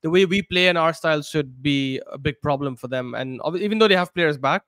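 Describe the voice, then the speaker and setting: Smooth-voiced man giving football views. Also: fairly high pitch, a bit bright, dry recording, clean studio sound. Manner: measured, hedging opinions. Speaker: guest pundit. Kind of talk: casual football chat.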